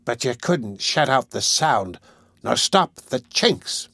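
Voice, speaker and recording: A man reading an audiobook and voicing a shrivelled old woman who accuses someone in a slow, insistent way. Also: mid-range voice, lively intonation, vocal fry, sharp tone, no echo, clean studio sound, heavily acted. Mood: accusing.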